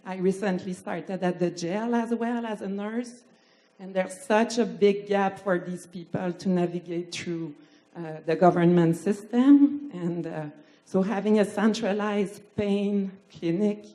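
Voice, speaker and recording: A woman who works as a nurse and outreach worker, asking a halting question at a conference in a slightly shaky voice. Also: mid-range voice, mellow. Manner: halting, many fillers, nervous.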